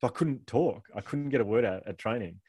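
A man's voice: medium pitch, a little fast, darkish tone, breathy edge, no room sound. A middle-aged man telling personal stories as an author guest, rambling, self-deprecating and laughing often. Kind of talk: candid conversational storytelling.

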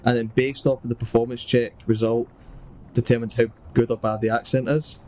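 A man's voice: mid-range voice, little pitch movement, fairly quick, darkish tone, slight background noise. A man, chatting playfully as a tabletop player. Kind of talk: casual tabletop game chat.

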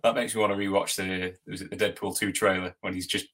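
A man with a slightly low, husky voice trades jokes in easy banter and laughs often. He keeps a loose, playful chat going. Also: level tone, fast, a bit bright. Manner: jokey, laughs a lot. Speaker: podcast co-host. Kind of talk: casual chat.

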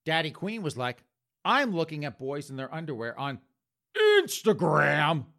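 A sleazy, defensive man, as a comedian puts him on, rattles off flustered, indignant excuses. His voice jumps about in pitch with a lively lilt. It carries a bright, pushy edge. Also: unhurried, vocal fry, heavily acted.

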